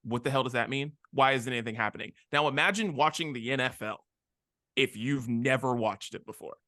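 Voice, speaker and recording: A man co-hosting a podcast in casual chat, animated and acting out quoted reactions. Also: mid-range voice, brisk, no echo, studio quality. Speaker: podcast co-host.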